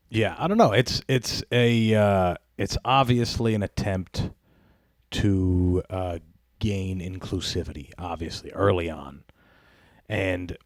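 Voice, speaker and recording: Podcast host, deep dry voice, rambling profane comedy chat. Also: male voice, no room sound. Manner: rambling, profane, laughs often.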